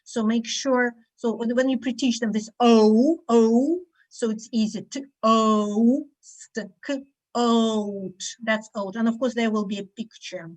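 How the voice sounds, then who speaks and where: Slow, demonstrative woman teaching phonics. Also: on the high side, steady tone, darkish tone, poor audio. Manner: slow, demonstrative, acts out sounds. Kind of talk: online teaching webinar. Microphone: video call.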